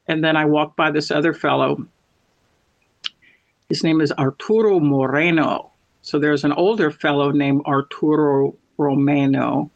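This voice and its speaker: A middle-aged woman hosting a podcast, telling rambling stories and acting out both sides of each conversation. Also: low voice. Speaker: podcast host. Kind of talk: casual storytelling. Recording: muffled lo-fi audio.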